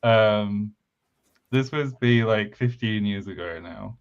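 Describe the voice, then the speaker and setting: Guy, slow and halting, lots of ums, low smooth voice, kinda lo-fi mic. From United Kingdom. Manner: hesitant, many pauses and fillers. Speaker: podcast co-host. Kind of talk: casual chat about language building. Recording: slightly dull lo-fi mic.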